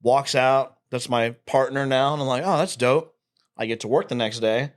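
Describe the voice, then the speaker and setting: A man's voice: mid-range voice, fairly even intonation, moderate pace, clean tone. Guy in his 30s swearing a lot, telling stories on a podcast, laid back, mid voice. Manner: profane, storytelling, laughs often. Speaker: podcast guest. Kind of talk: casual chat.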